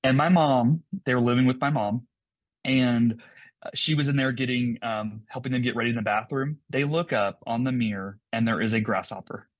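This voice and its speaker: A man who is a podcast guest tells a story in an animated way, with his pitch jumping up as he gets excited. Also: moderate pace, no echo. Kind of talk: casual podcast conversation.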